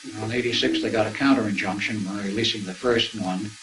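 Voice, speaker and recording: Older man telling a story, low voice. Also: steady tone, a little fast, fairly bright tone, a little hiss or hum, rough recording. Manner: anecdotal, acts out remembered dialogue. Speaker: speaker recounting his experiences. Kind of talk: storytelling to an audience.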